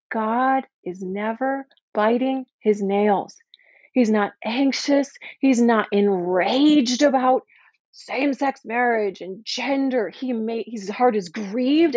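A woman's voice: a little high, a little mellow, no echo. A woman hosting a Christian podcast, speaking earnestly and pleadingly to her listeners in a pastoral faith talk. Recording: dry, slightly dull recording.

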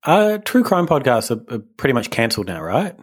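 A man's voice: medium pitch, sing-song, a little fast, breathy edge. A man co-hosting a casual podcast chat, rambling and hesitant, with lots of fillers and restarts. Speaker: podcast co-host.

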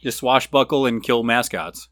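Male co-host, bright tone, dry sound, jokey and agreeable. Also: mid-range voice, moderate pace, no echo. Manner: agreeable, jokey, chimes in with short affirmations. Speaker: podcast co-host. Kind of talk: casual tabletop game discussion.

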